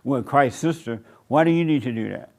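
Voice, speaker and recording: A man's voice: medium pitch, a little fast. A man leading a church discussion, blunt and teasing as he challenges the people in the room. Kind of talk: blunt preaching in group talk.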